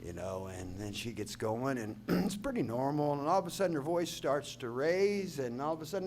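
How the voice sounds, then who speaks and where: A man's voice: on the high side, big pitch swings, moderate pace, hardly any pauses, slight background noise. A singer-songwriter man telling a long folksy story on a concert stage, rambling and stopping to correct himself. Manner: rambling, folksy, self-interrupting. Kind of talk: live on-stage storytelling between songs.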